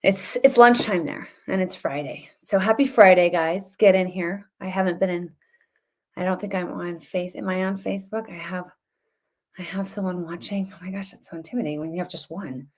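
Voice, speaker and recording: A woman's voice: lowish voice, steady tone, moderate pace, darkish tone. A woman hosting a casual live stream, chatty and rambling, greeting viewers by name between topics. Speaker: livestream show host.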